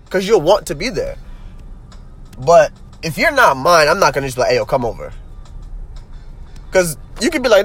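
A man's voice: on the high side, sing-song, moderate pace, long pauses, fairly bright tone. A young man hosting a casual solo podcast, rambling with slang fillers and repeating himself as he makes his point emphatically. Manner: grows heated and emphatic. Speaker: podcast host.

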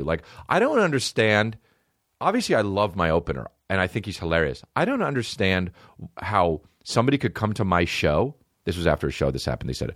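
A man's voice: on the low side, big pitch swings, fairly quick, a bit bright, no room sound, clean studio sound. A male comedian hosting a podcast, chatting casually in a rambling, sarcastic and profane way.

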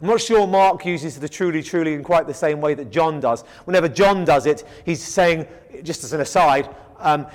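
Male Bible teacher, fairly high voice, emphatic lecturing with rhetorical questions, long reverb of a hall. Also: moderate pace. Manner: emphatic, asks rhetorical questions and answers them.

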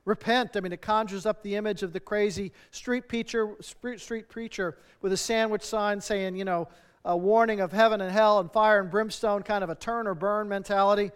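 A man preaching a sermon, earnest, with strings of rhetorical questions and phrase endings that drop soft. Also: high voice, steady tone, moderate pace, clear, resonant tone. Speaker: pastor.

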